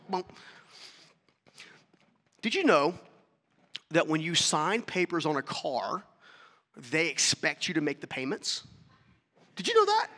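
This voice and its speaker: A man's voice: high voice, bright, forceful tone, big-room sound. A man telling a story to an audience as a motivational talk, acting out the dialogue and throwing questions at the listeners. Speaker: speaker.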